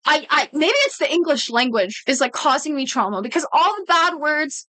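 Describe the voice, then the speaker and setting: Her voice is high, bright and forceful, with lively intonation and a normal speed. In this casual livestream chat she wanders from topic to topic, curses often, and frequently breaks off mid-sentence. There's no echo, but the recording is rough.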